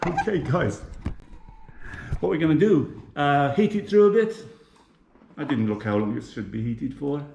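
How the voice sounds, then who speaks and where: A man from England, with a voice a little higher than most men's, talks casually to his viewers while he cooks. The kitchen sounds echoey, with a faint hiss of noise and food frying on the hob. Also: lively intonation, a little slow, creaky, long pauses, warm tone. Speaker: cooking vlogger. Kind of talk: casual cooking vlog. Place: home kitchen. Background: frying and sizzling from the hob.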